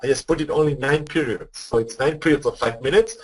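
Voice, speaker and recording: Husky and on the high side, this man's voice moves a little fast as he leads a live trading webinar. He goes step by step, repeats words, and often checks whether his listeners are keeping up. The recording is rough.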